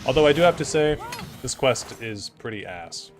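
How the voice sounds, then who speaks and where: A man's voice: mid-range voice, animated, normal speed, music in the background. A man streaming a game, chatting casually with rambling asides while he plays. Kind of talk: casual gaming commentary.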